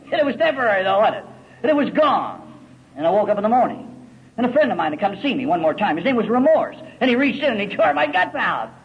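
A middle-aged man telling his story at a recovery meeting, gritty and folksy, swinging from loud to hushed. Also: high voice, highs cut off.

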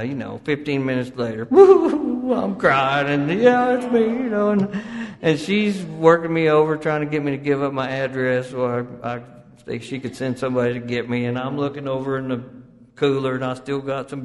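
A man with a drawl tells his story to a recovery group in a rambling, self-mocking way, stumbling over restarts. His voice sits at an ordinary middle pitch. It rings out with a long reverb, as if it is coming from a large meeting hall. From Oklahoma, US.

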